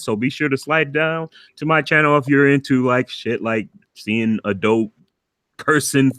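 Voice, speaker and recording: A man's voice: mid-range voice, fairly bright tone, dry recording. A man with a mid-range voice chats as a podcast guest, modest and a little nervous, laughing at himself. The sound is close and dry, with no room around it. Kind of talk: casual chat.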